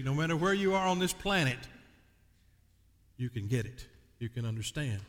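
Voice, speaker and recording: A male pastor preaching a sermon, reading scripture aloud and dwelling on key words with slow emphasis. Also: mid-range voice. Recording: long hall reverb.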